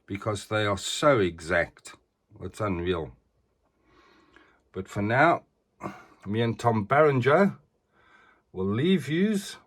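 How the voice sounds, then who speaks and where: Man in his middle years, unhurried and chatty, casual collector vlog. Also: fairly low pitch, animated. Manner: chatty, tags sentences with "eh". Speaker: collector reviewing figures.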